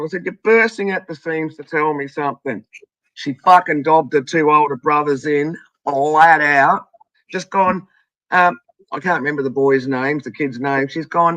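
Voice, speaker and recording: A woman's voice: low-pitched, moderate pace, fairly bright tone, dry recording. A woman with an Australian accent, telling stories in casual chat, swearing freely and acting out other people's voices.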